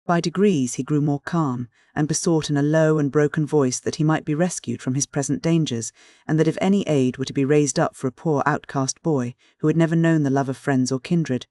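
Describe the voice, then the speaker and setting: Man, audiobook narrator, steady measured storytelling, slightly high voice, dry close recording. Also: no echo. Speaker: audiobook reader.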